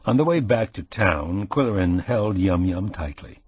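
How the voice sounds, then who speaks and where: Husky male audiobook narrator. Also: deep voice, expressive, normal speed, darkish tone, dry recording.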